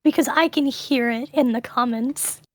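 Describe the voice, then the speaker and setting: A woman's voice: high voice, moderate pace, no echo, clean studio sound. A woman interviewing a streamer in casual chat about games, giving emphatic, enthusiastic opinions.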